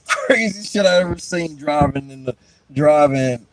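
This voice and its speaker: A young man and podcast host telling stories in a casual chat, profane and animated, often breaking into laughter. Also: on the high side, measured pace, crowd noise, poor audio.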